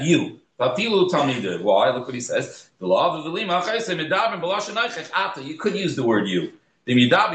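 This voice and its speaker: Rabbi teaching in an echoing room. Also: male voice, mid-range voice, a bit bright. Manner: conversational, asks rhetorical questions, mixes in Hebrew terms. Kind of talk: Torah class lecture. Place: synagogue room.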